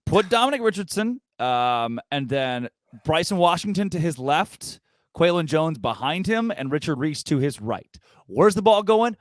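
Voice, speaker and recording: A man from Arkansas hosts a casual sports podcast, talking in a fired-up, emphatic way and restarting his sentences often. His voice sits a little high and swings widely in pitch. The sound is close and dry. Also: very animated, moderate pace, dry recording. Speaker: podcast host.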